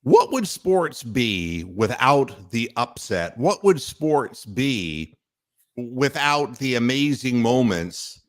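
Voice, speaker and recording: A man hosting a casual sports talk podcast, telling stories in an animated way with bursts of mock outrage and frequent laughter. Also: medium pitch, slow. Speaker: podcast host.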